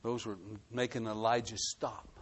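A man preaching a sermon, reading scripture aloud and then explaining it, swinging between forceful bursts and low hushed phrases. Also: level tone, moderate pace. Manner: reads scripture then preaches with rising and falling intensity; drops to a low hushed voice for emphasis. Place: New Mexico.

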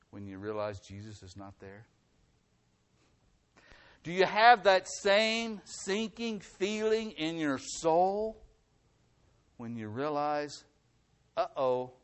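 Preaching as the pastor, this middle-aged man builds his message through repetition, moving from forceful, loud moments to quiet, hushed ones. His pitch is fairly high.

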